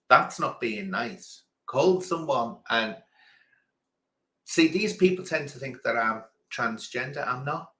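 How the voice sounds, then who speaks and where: A man's voice: mid-range voice, lively intonation, slow, pushed and bright. A man hosting a quiz on a livestream in casual chat, theatrical and grand in a self-mocking way, calling his listeners darling. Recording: echoey room.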